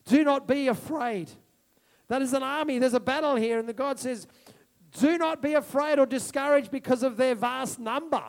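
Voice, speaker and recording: Guy preaching really high-pitched, fired up, keeps repeating lines loud then drops quiet. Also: moderate pace. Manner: impassioned, swinging from soft to loud declarations; repeats phrases for emphasis. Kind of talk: sermon.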